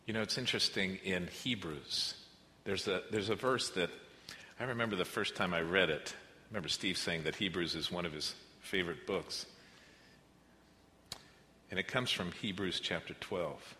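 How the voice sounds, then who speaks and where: A man preaching a sermon as pastor, earnest, moving between quiet reflective passages and emphatic rises. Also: sits low, normal speed. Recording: reverberant hall with faint noise.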